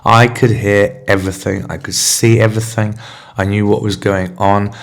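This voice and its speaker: A man's voice: on the low side, level tone, moderate pace, gravelly. A man hosting a podcast, telling a candid, rambling personal story in a confessional monologue. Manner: rambling, candid, self-searching. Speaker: podcast host.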